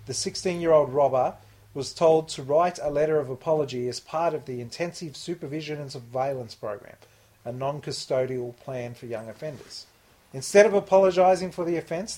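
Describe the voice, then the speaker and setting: A man's voice: medium pitch, a little mellow, breathy edge. A man hosting a casual podcast, reading news stories aloud and laughing as he goes. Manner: jokey, laughs often while reading.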